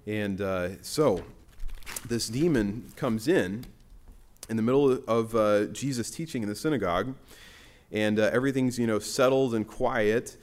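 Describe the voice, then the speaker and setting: A man's voice: fairly low pitch, measured pace. Conversational man preaching a sermon. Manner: conversational, with frequent restarts and fillers. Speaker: pastor. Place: church.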